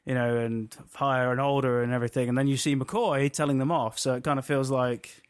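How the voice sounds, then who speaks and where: A man's voice: medium pitch, steady tone, fairly quick, clear, resonant tone, dry recording. A man chatting casually as a podcast co-host, rambling and restarting his thoughts as he goes. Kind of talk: casual chat.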